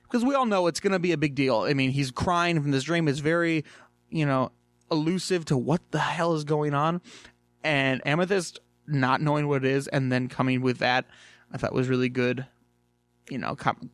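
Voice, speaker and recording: A man's voice: mid-range voice, no room sound. A man casually reviewing a cartoon episode, rambling with lots of fillers.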